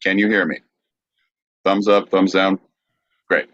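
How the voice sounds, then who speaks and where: A man's voice: deep voice, flat delivery, takes it slowly, a bit bright, no room sound, highs cut off. A man hosting a podcast livestream who stays patient and apologetic while he troubleshoots the audio. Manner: apologetic, patient under insults. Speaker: podcast host.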